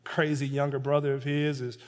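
A man's voice: mid-range voice, little pitch movement, a little fast. A man preaching a sermon as pastor, talking conversationally with lots of repetition and building to emphatic points. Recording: long hall reverb.

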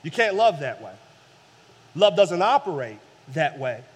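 A man preaching a sermon as pastor, building emphasis through repeated phrases, with swings from soft low passages to loud peaks. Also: big pitch swings, a little slow, husky. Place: church sanctuary. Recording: long church reverb.

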